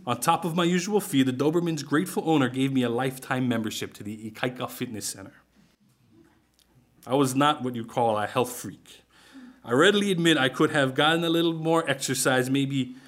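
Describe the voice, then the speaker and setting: Guy spinning a funny story, dry wry delivery, mid pitch. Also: a little fast. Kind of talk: humorous storytelling.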